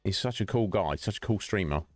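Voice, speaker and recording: Chatty laughing male streamer, lively pitch. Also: brisk, no room sound, clean studio sound, faint music behind. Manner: chatty, rambling, joking, laughs often. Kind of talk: casual chat with viewers.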